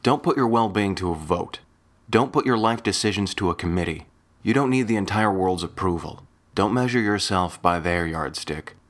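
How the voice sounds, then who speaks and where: A man delivering a scripted spoken-word monologue in a wry, deadpan way, landing punchy wordplay line by line. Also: low voice, moderate pace.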